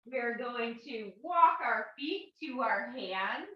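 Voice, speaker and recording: A woman teaching a kids and parent yoga class, guiding poses in a gentle, encouraging way with playful animal sounds. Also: fairly high pitch, animated, slow. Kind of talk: guided yoga class instruction. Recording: roomy, distant, dull lo-fi sound.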